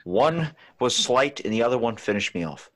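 A man's voice: medium pitch, animated, moderate pace, a bit bright. A casual podcast host plays along with his guests' jokes. His voice sits in a plain middle range and he keeps an easy pace. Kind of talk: casual comedy chat.

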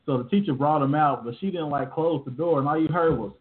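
Fast-talking man on a tinny line. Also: a little high, background noise. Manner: animated, slangy storytelling. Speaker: podcast co-host. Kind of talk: casual chat. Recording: tinny phone-like audio.

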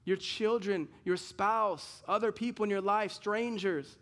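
High-voiced man preaching a sermon. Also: a little slow, fairly bright tone. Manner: earnest, repetitive, with frequent restarts and rhetorical questions. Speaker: pastor.

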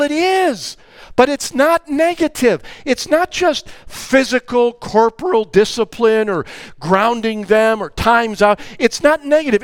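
A man's voice: extremely high pitch, no room sound. An older man, a grandfather, preaching a sermon on raising children, speaking emphatically and acting out family conversations. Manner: animated, emphatic, acts out family dialogues.

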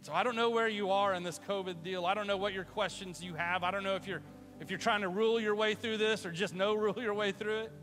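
A male pastor delivers a livestreamed sermon in a casual, animated style, his high-sitting voice moving quickly. He swings between loud exclamations and hushed, almost whispered storytelling, with faint music in the background.

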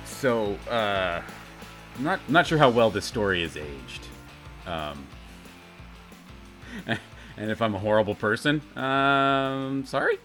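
Low-voiced rambling podcast host. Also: male voice, expressive, slow pace, long pauses, music in the background. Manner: rambling, self-correcting, laughing. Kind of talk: casual storytelling chat.

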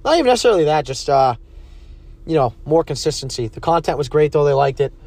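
A man's voice: fairly high pitch, very animated, quick pace, darkish tone, no echo. A young man hosting a podcast, ranting bluntly and profanely in a rambling way while driving his car. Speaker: podcast host. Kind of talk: casual rant while driving. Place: in a car on the road.

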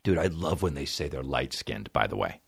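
A young man chats on a comedy podcast, his pitch swinging widely as he jumps from disbelief to mockery. He reads strangers' personal ads aloud and tears into them in crude, incredulous asides. The sound is dry and close, with almost no room in it. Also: lively intonation, normal speed, creaky, breathy edge, no echo. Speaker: podcast co-host. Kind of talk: casual comedy podcast chat.

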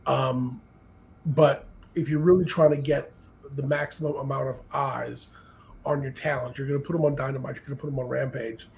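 A man co-hosting a wrestling podcast in casual chat, talking in a measured way and thinking aloud with frequent pauses. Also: medium pitch, fairly even intonation, creaky, darkish tone, slight background noise, low-quality recording. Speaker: podcast co-host.

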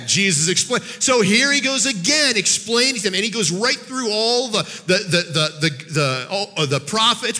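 A man giving a sermon as a guest speaker, telling a Bible story in an animated way, acting out the characters' voices and often repeating words as he goes. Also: high voice, normal speed, few pauses, big-room sound.

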